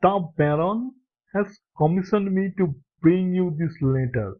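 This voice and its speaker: A man's voice: high-pitched, measured pace, voice pushed down. A man doing a courteous old gent with a French accent. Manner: formal, courteous. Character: polite elderly male envoy. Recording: dull lo-fi recording.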